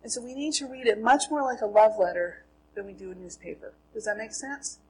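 Middle-aged woman Bible teacher, slightly high and husky, asks questions and answers them herself. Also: steady tone, brisk, a little mellow, poor audio. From Minnesota, USA. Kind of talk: Bible lesson to a group.

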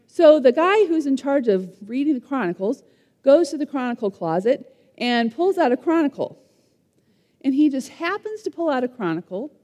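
A woman tells a Bible story as a lively lesson and keeps asking her listeners questions. Her voice is high with a warm, mellow tone. A long reverb trails behind her words. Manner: animated, asks the listeners questions. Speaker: teacher retelling a Bible story.

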